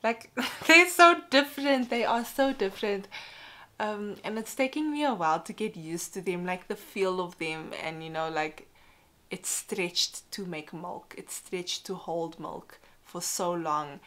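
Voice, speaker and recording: Chatty young woman vlogging, slightly low. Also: a little slow. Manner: chatty, candid, frequent "like" and "you know". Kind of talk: casual personal vlog.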